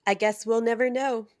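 A woman's voice: on the high side, darkish tone. A woman hosting a podcast in a playful, joking manner, laughing often. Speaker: podcast host. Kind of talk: casual comedic chat.

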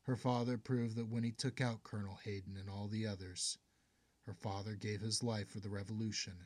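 Low-voiced man narrating steadily. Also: no room sound. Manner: steady, measured, hushed in tense passages. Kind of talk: audiobook narration.

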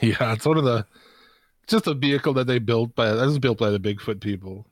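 A man's voice: medium pitch, brisk, dry recording. A man co-hosting a watch-along, chatting casually and explaining things in a loose, profane way with laughs. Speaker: co-host of a watch-along show. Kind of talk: casual chat.

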